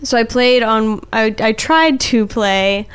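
Woman podcast co-host, smooth clear voice, profane exasperated ranting. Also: on the high side, slow. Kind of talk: casual chat.

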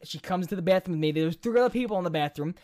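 A man's voice: sits high, lively intonation, very fast, a little mellow. A man co-hosting a podcast in casual chat, rambling with many restarts and frequent swearing. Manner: rambling, profane, trailing restarts. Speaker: podcast co-host.

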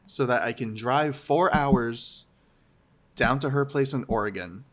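A man co-hosting a podcast in casual chat, trading jokes and deadpan interjections. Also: medium pitch, unhurried. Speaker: podcast co-host.

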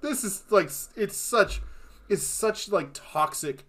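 Animated, swearing male podcast co-host. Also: sits high, slow, a crowd in the background. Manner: animated, swearing, acts out quotes in exaggerated voices. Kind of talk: casual chat.

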